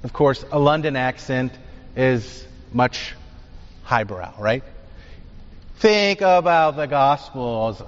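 A man's voice: mid-range voice, expressive, takes it slowly, long pauses. A man preaching a sermon, teaching emphatically and asking his listeners rhetorical questions. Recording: dull sound with long hall reverb.

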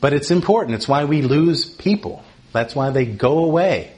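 A man giving a casual, conversational Bible lesson, often tagging his points with "right?" and rising sharply in pitch when he stresses something. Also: moderate pace. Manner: animated, often asks "right?", rises in pitch for emphasis. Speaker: Bible teacher.

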